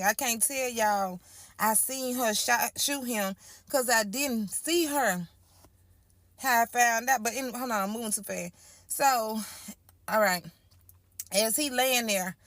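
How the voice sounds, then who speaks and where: A woman with a fairly bright, high-leaning voice tells of a frightening night she lived through, emotional and in her own words. She speaks colloquially, circles back over her phrases and calls her listeners "y'all," all captured dry.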